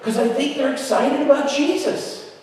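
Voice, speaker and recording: A man voicing a middle-aged mother who gently and curiously questions her son, his voice raised and softened. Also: extremely high pitch, moderate pace, pitched above the performer's own voice. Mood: coaxing. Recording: echoey hall from far off.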